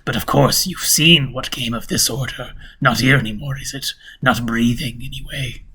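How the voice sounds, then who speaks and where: A man voicing an ancient, sinister male entity that is cryptic and amused, speaking slowly with soft whispers in a tabletop game. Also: mid-range voice. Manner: slow, savoring, with soft chuckles and hissed whispers. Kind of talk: game master voicing a character.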